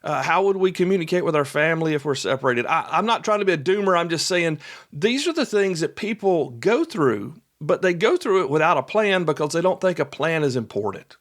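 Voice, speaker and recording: A man's voice: fairly high pitch, big pitch swings, a little fast. A man hosting an instructional podcast in a folksy, conversational way, often repeating his points. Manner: folksy, repeats points, acts out little dialogues.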